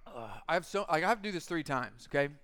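Animated, high-voiced joking male pastor. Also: quick pace, clear, resonant tone. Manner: animated, joking storyteller who acts out quotes. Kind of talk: casual sermon. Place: church.

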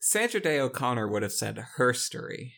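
A man's voice: medium pitch, sing-song, normal speed, vocal fry, background noise. A man guessing quotes on a casual podcast, stammering and joking as he goes. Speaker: podcast guest and quiz contestant.

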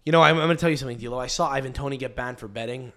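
Dude hosting a chill podcast, swears a ton, rambles, mid pitch. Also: male voice, racing, fairly bright tone. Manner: rambling, profane, restarts often. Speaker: podcast host. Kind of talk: casual podcast chat.

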